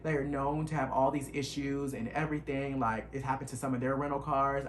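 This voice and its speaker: A young man, retelling a stressful road trip in an animated, emotional storytime vlog. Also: mid-range voice, moderate pace, a little hiss or hum. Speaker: vlogger. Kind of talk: casual storytime.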